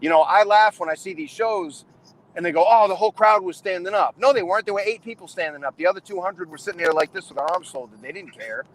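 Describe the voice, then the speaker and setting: A middle-aged man hosts a wrestling trainers' chat, speaking fast in a high-sitting voice over a low-quality recording. He rambles casually and emphatically, restarting often, calling people "man" and "brother" with animated energy.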